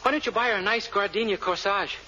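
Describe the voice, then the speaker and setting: A man's voice: high-pitched, fast talker, pushed and bright. An actor playing a brash, wisecracking impostor posing as a businessman, in 1940s radio comedy style. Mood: breezy. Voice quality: breezy, wisecracking delivery. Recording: muffled old radio recording with hiss.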